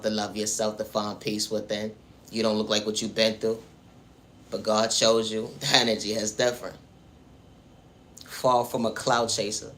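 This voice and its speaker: Bright-voiced man giving a spiritual pep talk. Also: on the low side, a little hiss or hum. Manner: preachy, repeats refrains, talks straight to the viewer. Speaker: spiritual vlogger. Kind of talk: motivational spiritual monologue.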